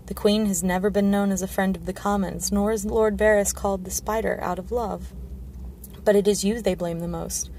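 Woman voicing a blunt guard commander, steady, honest, gravelly, even tone. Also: mid-range voice, normal speed, a little hiss or hum, close to an everyday voice.

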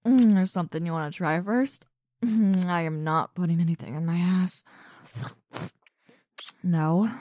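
A woman's voice: on the low side, unhurried, pauses often, warm tone, lightly acted. A young woman voicing a cocky, domineering muscular college woman in an intimate audio role-play, teasing and mocking with frequent giggles. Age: young adult.

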